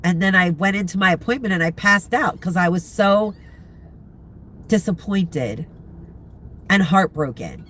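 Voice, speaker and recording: A middle-aged, congested woman chatting casually with viewers from inside a car, rambling and pausing to recall names. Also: lowish voice, lively intonation, a bit bright. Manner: rambling, chatty, searching for names, frequent laughs. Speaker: vlogger chatting with live viewers. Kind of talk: casual chat.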